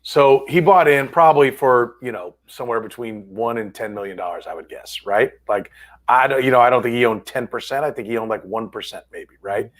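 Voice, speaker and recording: A male sports host in loose podcast chat, mid-pitched and easygoing. He wanders through long stories, restarting and correcting himself along the way. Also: brisk. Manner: rambling, self-correcting storyteller. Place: studio.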